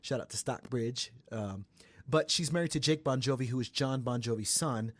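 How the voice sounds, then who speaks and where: A young man hosts a casual pop-culture podcast, talking in a chatty, animated way. His voice sits at an ordinary pitch for a man. The sound is dry and close, with no room echo. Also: normal speed. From Atlanta area, Georgia. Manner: chatty and animated, breaks into high sung bits. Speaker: podcast host. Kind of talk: casual celebrity gossip podcast.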